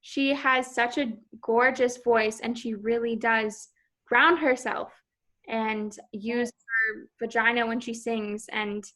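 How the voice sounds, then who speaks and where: A woman's voice: fairly high pitch, flat delivery, slow pace, pushed and bright. A young woman, a singing student, talking hesitantly with many fillers. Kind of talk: casual chat.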